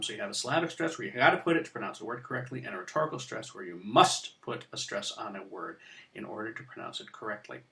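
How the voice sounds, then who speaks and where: Bright-voiced man teaching poetry. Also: medium pitch. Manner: casual, joking, stresses words while reading lines aloud. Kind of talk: recorded lecture.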